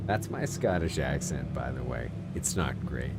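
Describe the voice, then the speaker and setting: Deep-voiced man rambling over gameplay. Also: expressive, a little slow, hardly any pauses, background noise. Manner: rambling, talks to himself, chuckles often. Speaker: game streamer. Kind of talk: casual gameplay commentary. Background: music.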